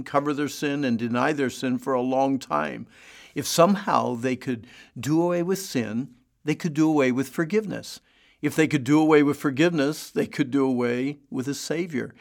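Male radio Bible teacher with a gravelly, mid-pitched voice; earnest, preacherly delivery. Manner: earnest, preacherly, builds repeated phrases.

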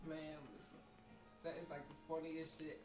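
A man with a fairly high voice hosting a laid-back podcast. He jokes and tells stories in loose slang. His voice carries a roomy echo. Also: moderate pace, soft background music. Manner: loose slangy banter, animated storytelling. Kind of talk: casual chat.

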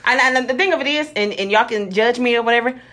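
A woman's voice: fairly high pitch, fast, fairly bright tone. A woman co-hosting a casual chat, blunt and profane, often laughing and repeating words as she starts a sentence.

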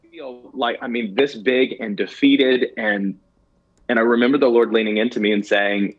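A man's voice: mid-range voice, steady tone, normal speed, husky, phone-quality sound. Man telling an earnest, self-mocking story. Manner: earnest, self-deprecating, stammering restarts. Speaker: guest telling a ministry story. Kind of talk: candid personal storytelling.

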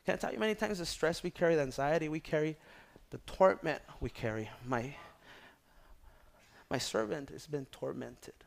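High-voiced man preaching a lively sermon. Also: normal speed, vocal fry. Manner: swings from hushed prayerful tones to loud shouted exhortation; calls out to the congregation for response. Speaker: pastor.

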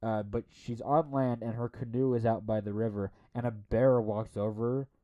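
A young man in casual podcast chat, telling animated stories and acting out the people in them in a high voice. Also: normal speed, lo-fi sound. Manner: animated storytelling, acts out quoted people in a high voice.

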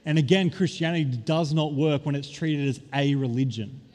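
A man preaching a sermon as pastor, stressing key words and drawing them out slowly. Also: fairly high pitch, darkish tone. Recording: long reverb of a large hall.

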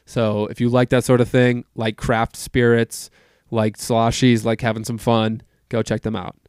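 A young man hosts a podcast in a relaxed, easygoing way, steering the chat and laughing along. His voice is smooth and clear, sitting mid-range, recorded dry and close. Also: medium pitch, measured pace, no room sound. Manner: easygoing, laughs often, leads the talk. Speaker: podcast host. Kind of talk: casual chat.

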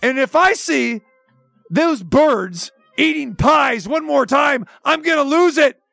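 A man's voice: very high-pitched, lively intonation, slow, creaky, fairly bright tone, no echo, soft background music. A man hosting sports radio, ranting with sarcasm and exasperation, firing off rhetorical questions. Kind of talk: opinionated sports talk rant.

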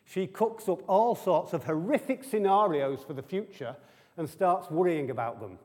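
A man with a high, slightly mellow voice preaches a sermon to a live audience at normal speed, keeping it chatty with humorous asides. He keeps asking the audience rhetorical questions, and the church hall adds long reverb.

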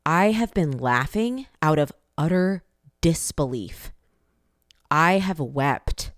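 A woman's voice: lowish voice, clean tone, no room sound, studio quality. A young Asian American woman giving an impassioned personal statement, emphatic and pointed, with insistent repeated phrases.

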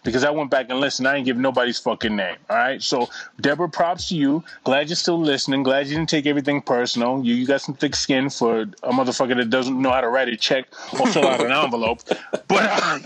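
Loud, laughing, profane podcast co-host man. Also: mid-range voice, big pitch swings, fairly quick. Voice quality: profane, laughing, rambling banter. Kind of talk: casual podcast chat reading listener emails.

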